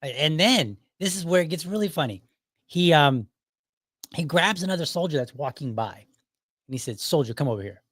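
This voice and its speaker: A man's voice: fairly high pitch, expressive, normal speed, long pauses, a bit bright, husky, dry recording. A middle-aged man hosting his own show, telling a casual story in a loose, conversational way and chuckling often as he goes. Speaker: podcast host.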